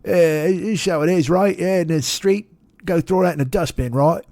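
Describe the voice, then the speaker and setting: A man voicing a cheery Englishman in a deliberately bad mock Cockney accent, loud and exaggerated. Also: high-pitched, dry recording, pitched above the performer's own voice. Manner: loud, exaggerated, repeating "right?".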